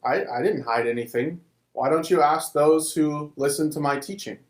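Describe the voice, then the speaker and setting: A man voicing a calm, plain-spoken male teacher answering his accusers. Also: fairly high pitch, normal speed, close to an everyday voice. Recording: roomy echo.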